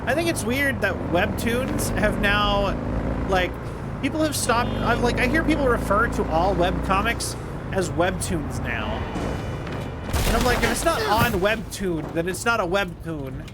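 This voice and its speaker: A young male streamer chatting loosely over gameplay, rambling and restarting his sentences. His voice sits fairly high. Clear game and traffic noise runs under him. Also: expressive, a little slow. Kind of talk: casual gameplay commentary.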